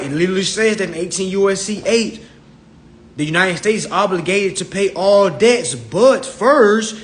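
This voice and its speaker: A man lecturing on a livestream in a streetwise, profane manner, laughing at his own jokes and slipping into mock voices. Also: high-pitched. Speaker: financial self-help lecturer. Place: livestream at home.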